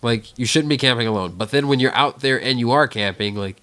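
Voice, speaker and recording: A man's voice: mid-range voice, brisk, pushed and bright. A man co-hosting a casual podcast chat, explaining things at length in a lecturing way. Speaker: podcast co-host.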